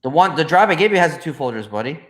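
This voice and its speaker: A man's voice: a little high, animated, rapid-fire. A man chatting casually with a friend on a podcast, answering in a matter-of-fact way. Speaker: guest and friend. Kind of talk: casual chat.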